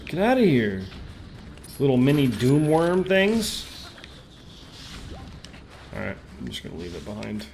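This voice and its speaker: A man's voice: medium pitch, huge pitch swings, a little slow, long pauses, a little mellow, slight background noise. A young man hosting a podcast, joking and reacting aloud while playing a video game. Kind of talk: casual gaming chat.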